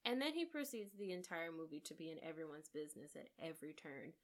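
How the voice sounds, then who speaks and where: Female co-host, lowish voice, casual podcast banter, enthusiastic and gushing. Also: big pitch swings. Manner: enthusiastic, gushing, quick to laugh. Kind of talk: casual chat reviewing a film.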